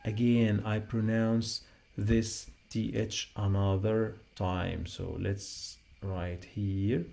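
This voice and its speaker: Slow gravelly-voiced male teacher. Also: fairly low pitch, flat delivery, mellow. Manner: repeats sounds patiently, spells them out while writing. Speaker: Arabic teacher. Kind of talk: slow spoken writing lesson.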